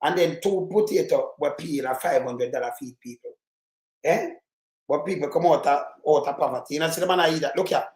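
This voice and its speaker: Jamaican male commentator, high voice, animated and rambling, roomy echo. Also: a little fast. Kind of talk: casual commentary in patois.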